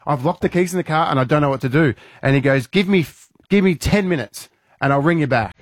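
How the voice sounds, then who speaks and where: Aussie bloke on radio, telling a story fast and loud, jumps way up in pitch doing the voices, dry sound. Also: male voice, no echo. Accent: Australian. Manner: lively, acts out his own lines in a raised voice. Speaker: radio co-host.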